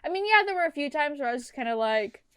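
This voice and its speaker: Young woman podcast co-host, slightly high voice, rambling and deadpan. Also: quick pace, dry recording. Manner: rambling, many "like"s, deadpan asides. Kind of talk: casual chat.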